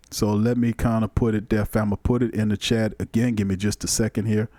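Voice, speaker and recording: A man's voice: lowish voice, a little fast, few pauses, dry recording, clean studio sound. A man hosting a live sports call-in show, talking emphatically and casually to his chat. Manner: animated, emphatic, colloquial, talks to the chat. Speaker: sports talk show host.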